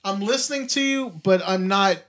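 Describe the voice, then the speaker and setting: Higher-voiced man, eager stammering chat. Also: normal speed. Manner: stammering restarts, animated, quotes himself. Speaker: podcast co-host, music producer. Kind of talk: casual chat. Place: recording studio.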